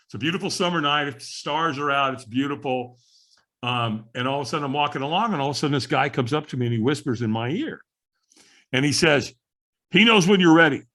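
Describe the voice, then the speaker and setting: Male guest, lively storyteller with a slightly husky voice and a higher-than-usual pitch. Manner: animated storyteller, acts out quoted voices. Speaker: podcast guest. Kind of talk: storytelling in casual interview.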